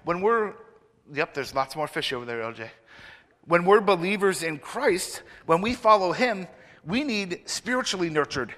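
A man's voice: high voice, animated, normal speed, a bit bright. A man giving a children's sermon in a church, playfully asking the children many questions. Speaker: children's minister. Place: church sanctuary. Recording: reverberant church hall.

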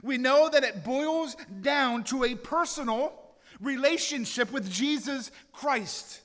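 A man's voice: very high voice, takes it slowly, fairly bright tone. A man preaching a sermon as a pastor, earnest and repeating his address to the listeners. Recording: long hall reverb.

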